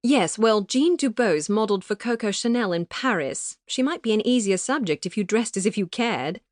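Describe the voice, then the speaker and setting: A woman's voice: medium pitch, animated, moderate pace, no echo, clean studio sound, voice pushed up, natural voice. A woman voicing a bubbly, prim young English woman with a proper accent in an audiobook. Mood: chiding.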